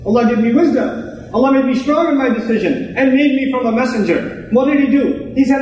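A man's voice: extremely high pitch, brisk, darkish tone, slight background noise. A man preaching a sermon in a conversational way, asking rhetorical questions. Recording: echoey room, mic at a distance.

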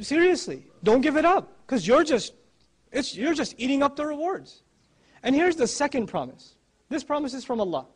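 Guy with a pretty high voice preaching, punchy, says the big lines twice. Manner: emphatic, repeats key phrases. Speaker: Islamic speaker. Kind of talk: religious talk.

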